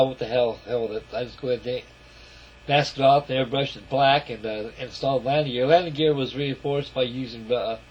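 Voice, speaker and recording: A man's voice: medium pitch, husky. A man casually narrating a walk-around of his scale model, folksy and rambling, calling his viewers folks. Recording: lo-fi camera audio.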